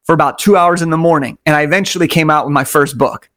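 Male guest with a slightly high voice, an enthusiastic storyteller who hammers his points home. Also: quick pace. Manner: energetic, enthusiastic, emphatic repetition. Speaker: podcast guest. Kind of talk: conversational storytelling.

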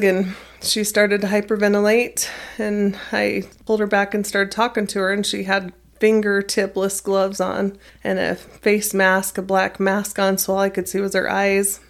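A woman teacher calmly recounting a personal experience in an interview, measured and plain-spoken. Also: medium pitch. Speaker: middle school math teacher.

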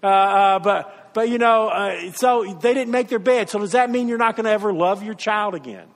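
A middle-aged male pastor delivers an animated sermon. He swings from emphatic, raised passages to soft, tender asides, with a notably high voice. His words ring out with the long reverb of a large hall. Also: normal speed. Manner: animated preaching, swings between raised emphatic lines and hushed tender ones.

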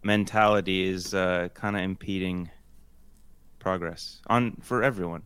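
Smooth-voiced, measured male podcast co-host. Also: sits low, steady tone, a bit bright. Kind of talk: casual chat.

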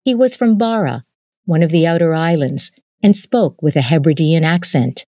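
A woman narrating a short story in a measured, gentle reading voice. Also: low voice, no room sound, studio quality.

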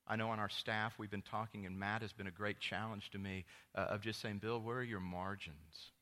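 A man preaches from the pulpit with a bright, forceful voice sitting a little low in pitch. He tells stories and acts out quoted exchanges, jumping to high, loud exclamations before settling back into earnest preaching. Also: little pitch movement, fairly quick. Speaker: pastor. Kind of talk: sermon.

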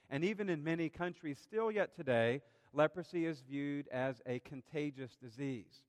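A man preaching a sermon, telling a story earnestly and slowing down to stress key points. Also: a little high. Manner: earnest storytelling, slows for emphasis. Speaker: pastor. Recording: long hall reverb.

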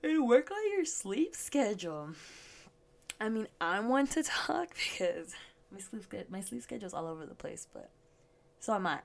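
A woman's voice: medium pitch, very animated, normal speed, gravelly. A young woman hosting a casual solo podcast, swearing freely and laughing often, a little stuffy and yawning. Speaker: podcast host.

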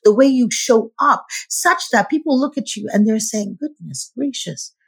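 A woman coach speaking as a podcast guest in an animated, preacher-like way, weaving scripture into her points. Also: fairly high pitch, moderate pace, breathy edge. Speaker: guest, feminine leadership coach. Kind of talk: conversational interview.

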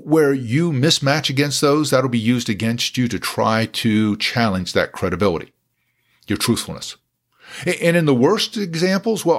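Man, lawyer giving truckers a folksy talk, jokey, repeats key points. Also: mid-range voice. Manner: folksy, jokey, with emphatic repetition. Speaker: lawyer advising truck drivers.

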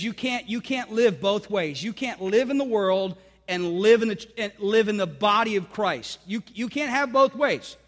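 A man's voice: high-pitched, a bit bright. A male pastor preaching a sermon to his congregation with fervent emphasis and calls to the listeners. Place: church sanctuary. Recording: long reverb of a church hall.

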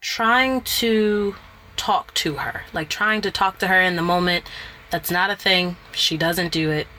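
A woman, a single mother and guest, talking candidly and telling lively stories about her family. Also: on the low side, a little slow. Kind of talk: casual conversational storytelling.

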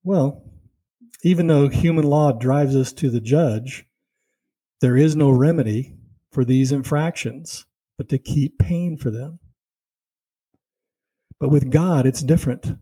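A man's voice: mid-range voice, measured pace, long pauses, dark tone, breathy edge, rough recording. A man teaching a Bible lesson in a conversational way, telling personal stories and driving his points home with "see" and "you know.".

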